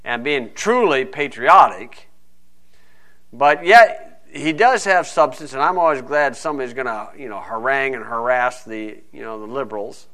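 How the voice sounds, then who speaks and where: A man's voice: mid-range voice, expressive, moderate pace, a bit bright. A man preaching a folksy, digressive sermon, teaching verse by verse.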